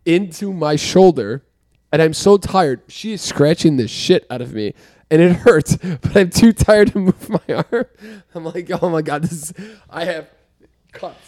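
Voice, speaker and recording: A man co-hosting a casual podcast, playful and animated, laughing often. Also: fairly high pitch, measured pace, no room sound. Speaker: podcast co-host. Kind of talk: casual chat.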